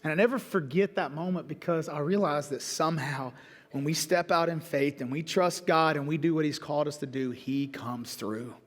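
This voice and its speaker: Pastor with a high voice. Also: male voice, moderate pace, in a large hall. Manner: lively storytelling with self-deprecating jokes. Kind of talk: sermon storytelling. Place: church auditorium.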